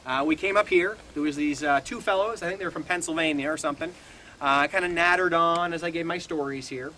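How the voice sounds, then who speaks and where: A man's voice: on the high side, quick pace, poor audio. A man guiding a ghost tour, telling stories to a group outdoors in a wry, chatty way. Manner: chatty, wry storytelling with chuckles. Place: outdoors at a historic fort. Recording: outdoor recording with steady background noise.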